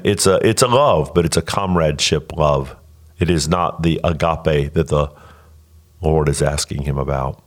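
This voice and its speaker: A middle-aged man delivers an expository sermon from the pulpit. His voice sits very low, and he keeps a measured, teaching pace. He slows down deliberately whenever he quotes scripture. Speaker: pastor.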